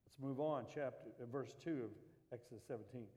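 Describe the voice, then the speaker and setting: A man's voice: on the high side, animated, fast, mellow, long reverb tail. A man preaching a Sunday sermon, reading scripture and rising to impassioned pleas. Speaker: pastor.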